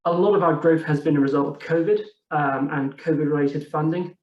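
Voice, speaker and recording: A man's voice: a little high, steady tone. Distant echoey man presenting grants. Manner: friendly, halting with fillers. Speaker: grants officer. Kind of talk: presentation on a video call. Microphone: video call. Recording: dull distant echoey sound.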